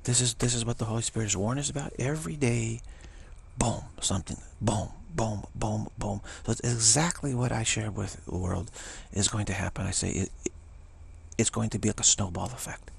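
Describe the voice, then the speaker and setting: A man's voice: lowish voice, fairly quick, gravelly, a little hiss or hum. A man giving a rambling, emphatic spiritual talk as a teacher, often dropping into whispers. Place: Bay Area, California.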